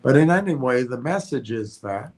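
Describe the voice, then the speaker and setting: A congested man hosting a stock livestream, talking in a halting way with many restarts and self-corrections as he reads notes aloud. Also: medium pitch, lively intonation. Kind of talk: casual stream commentary, reading notes aloud.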